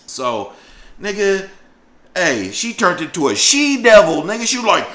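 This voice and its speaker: This young vlogger's voice sits high and moves a little slowly as he delivers a casual monologue. His storytelling is animated, slangy, and full of swearing.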